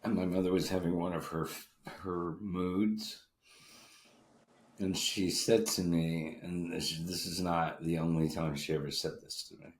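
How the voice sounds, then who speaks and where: Man, extremely deep voice; halting, candid conversational delivery. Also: fairly even intonation, slight background noise. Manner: halting, restarts often, candid. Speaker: podcast co-host. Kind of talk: casual chat.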